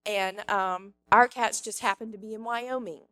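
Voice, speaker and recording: A woman giving a rambling, excited testimony in church, full of fillers and restarts. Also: mid-range voice, moderate pace, dry recording. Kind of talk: spontaneous testimony.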